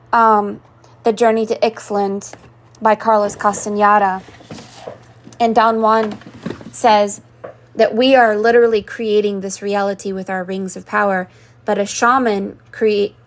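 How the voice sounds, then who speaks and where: A woman hosting a live-stream scrying session, talking in a rambling, mystical way that jumps from symbol to symbol. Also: medium pitch. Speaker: spiritual reader.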